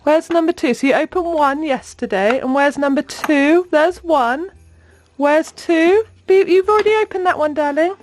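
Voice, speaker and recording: A woman's voice: high voice, moderate pace, slight background noise. A young mother filming a casual home vlog, chatting to camera and coaxing her toddler in a sing-song voice. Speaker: vlogger and mum.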